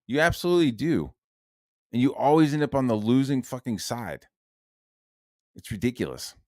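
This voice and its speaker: A man's voice: mid-range voice, expressive, normal speed, a little mellow, no room sound, clean studio sound. A man ranting in a heated, profane and sarcastic monologue. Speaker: online commentator.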